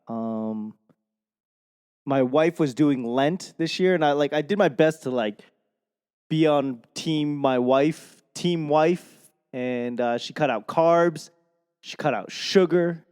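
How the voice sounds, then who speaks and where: A man's voice: medium pitch, darkish tone, clear, resonant tone, long reverb tail. A young man with a Boston accent, hosting a comedy podcast in a rambling, self-mocking monologue and swearing freely. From Boston, Massachusetts. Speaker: podcast host. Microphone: podcast microphone.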